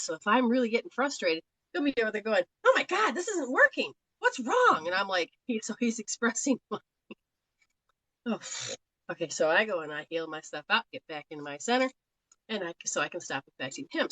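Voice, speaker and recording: A woman's voice: mid-range voice, fairly bright tone, dry recording, poor audio. Chatty Australian woman healer, dry sound. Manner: chatty, rambling, laughs often. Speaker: healer giving live readings. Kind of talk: live-stream talk.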